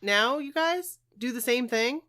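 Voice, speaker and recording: A woman's voice: a little high, expressive, a little slow, pushed and bright. A woman co-hosting a casual podcast, joking and chatting with her friend. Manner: playful and jokey. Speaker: podcast co-host.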